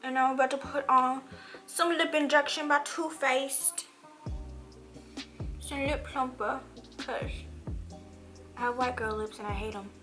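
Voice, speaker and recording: A young woman talks through a makeup routine in a loose, chatty way, drifting into animated rants. Her voice sits high and sounds bright and sharp. Faint music plays beneath her. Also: a little slow, long pauses. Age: young adult. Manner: animated, rambling, swoops high when ranting. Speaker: beauty vlogger. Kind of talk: chatty makeup tutorial with storytelling.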